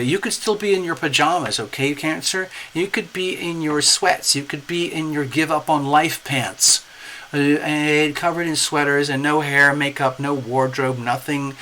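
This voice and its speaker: A man's voice: a little high, slight background noise, poor audio. A man giving a casual, coaxing tarot reading, often checking in with "okay?". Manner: animated, coaxing, repeats "okay?". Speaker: tarot reader.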